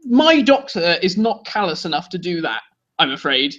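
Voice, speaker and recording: A lively man swinging his pitch all over as he chats about a show he's annoyed by, quick to laugh. The recording is dull and lo-fi. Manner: animated, laughs often, indignant. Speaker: co-host. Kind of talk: casual review chat.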